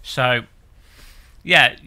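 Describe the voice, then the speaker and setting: Bright-voiced British man rambling on stream. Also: very slow. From United Kingdom. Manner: rambling, deadpan absurd joking. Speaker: game streamer. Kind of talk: casual live-stream chat.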